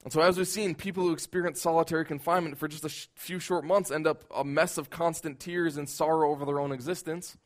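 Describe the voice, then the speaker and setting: A man preaching a sermon in an earnest voice, building at times into loud, emphatic outbursts. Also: fairly high pitch, fairly even intonation, fast, few pauses.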